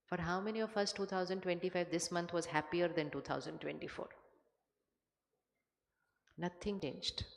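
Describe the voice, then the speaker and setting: A woman giving a spiritual talk to a live audience, measured and conversational, often putting questions to the listeners. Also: fairly low pitch. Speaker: spiritual speaker. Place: large hall with an audience. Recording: hall reverb from a stage mic.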